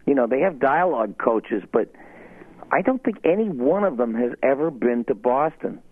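A male voice actor being interviewed over the phone, talking in an animated way and slipping into impressions. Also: mid-range voice, moderate pace, no echo. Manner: animated storytelling, slips into impressions. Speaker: guest voice actor. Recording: tinny phone line.

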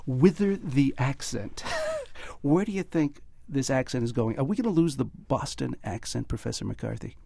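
A man hosting a call-in radio talk show, brisk and wry as he keeps the conversation moving. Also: medium pitch, animated, gravelly, dark tone, slightly rough, dry recording. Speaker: radio host.

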